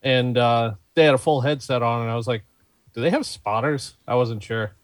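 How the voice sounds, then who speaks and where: A man's voice: mid-range voice, moderate pace, dry recording. A man on a podcast panel in casual chat, making dry remarks and asking questions.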